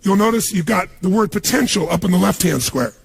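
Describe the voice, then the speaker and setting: A man giving a motivational seminar talk on stage, energetic and punchy, firing questions at a live audience. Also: high-pitched, brisk, vocal fry, husky. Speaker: motivational speaker.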